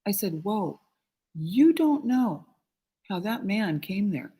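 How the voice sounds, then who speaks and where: Speaking slowly in a sing-song way, a middle-aged spiritual healer recounts a moving story from her life, filler words scattered throughout. Her quoted voices climb in pitch and loudness as she performs them.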